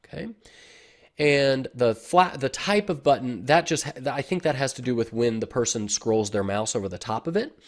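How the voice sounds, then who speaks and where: A man of ordinary, mid-range pitch talking through a screen-recorded software tutorial. He explains each step in a casual, easygoing way, with frequent fillers and "okay?" check-ins. The voice comes through a desktop computer mic. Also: lively intonation, normal speed. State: has the hiccups. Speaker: online marketing tutor.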